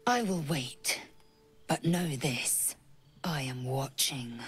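An actress voicing a fierce, proud githyanki warrior woman who makes slow, grim threats in video game dialogue. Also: extremely low pitch, lively intonation, breathy edge, heavily acted. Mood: menacing.

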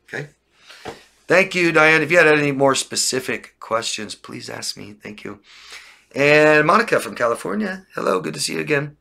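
Blunt gravelly-voiced male coach. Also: on the high side, lively intonation, moderate pace, bright, forceful tone. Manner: blunt, repetitive, asks "right?" and "okay?". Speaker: relationship coach. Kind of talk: live stream Q&A, reading viewer questions.

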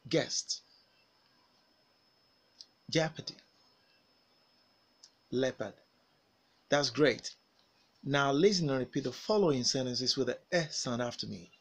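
A man with a mid-range, fairly bright voice teaches pronunciation at a slow, careful pace. Acting as a phonics teacher, he over-articulates vowel sounds and model words and pauses for repetition after each.

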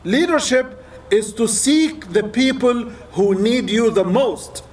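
A man delivers a sermon as an imam, retelling old stories with rising fervor. His voice sits high, and the mic is set back from him. A faint room hiss hangs behind his words. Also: slow pace, a little mellow, far from the mic. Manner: impassioned storytelling, quoting old accounts.

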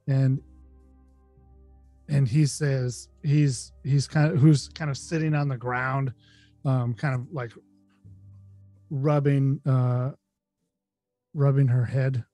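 A man narrating a tabletop game as game master, halting and restarting as he talks. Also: mid-range voice, dark tone, dry recording. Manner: halting, many fillers and restarts. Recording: dry close mic, faint music.

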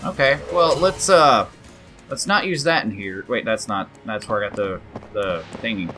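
A man giving excitable let's play commentary, yelping, swearing and cheering at the game as he plays. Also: lowish voice, normal speed, faint music behind. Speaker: gaming channel host.

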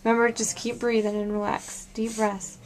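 A woman calmly encouraging someone through a blood draw, coaching slow breaths. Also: a little high.

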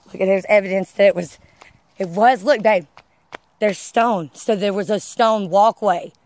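A woman's voice: medium pitch, a little slow, darkish tone. A woman vlogging outdoors on a wooded trail, filming on her phone as she walks and eagerly urging viewers to look. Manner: breathless exclamations, keeps urging viewers to look. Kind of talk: excited walking vlog. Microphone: phone held while walking.

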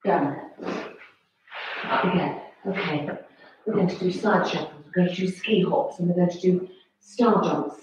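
A woman fitness instructor coaching a workout class with brisk, encouraging commands and counts. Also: fairly low pitch, heavy background noise. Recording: very echoey, distant, dull-sounding room recording.

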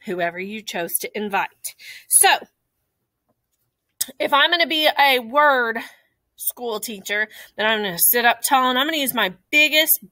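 A woman's voice: fairly high pitch, bright, forceful tone, no echo. A young woman teaching an online phonics lesson to small children, cheerful and encouraging. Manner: cheerful, encouraging, speaks slowly to little kids. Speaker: kindergarten teacher.

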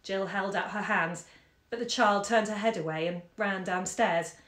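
A woman bookseller reading a short story aloud on a live stream from home, measured and lively in the dialogue. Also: mid-range voice. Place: home during lockdown. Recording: echoey room.

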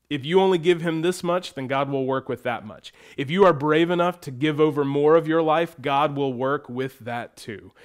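A man preaching to his congregation. His voice sits a little high for a man. He reads scripture with measured slowness, then shifts into an easy, conversational manner with playful asides. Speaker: pastor. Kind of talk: sermon. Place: church sanctuary.

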